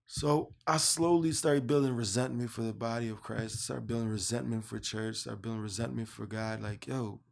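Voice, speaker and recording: A young man from Canada speaks with a gravelly, slightly fried edge at an ordinary middle pitch. He tells his own story casually, and he jumps higher and louder when he acts out what people said to him. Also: moderate pace, hardly any pauses. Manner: animated storyteller who acts out both sides of remembered dialogue in a higher voice. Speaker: podcast host telling his story. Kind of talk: casual personal testimony.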